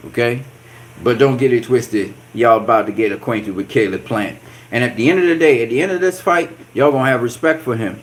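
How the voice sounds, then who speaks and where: Profane, excitable male boxing vlogger. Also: medium pitch. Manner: animated, profane trash-talk with repeated catchphrases and laughs. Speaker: boxing channel host. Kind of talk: casual boxing commentary vlog.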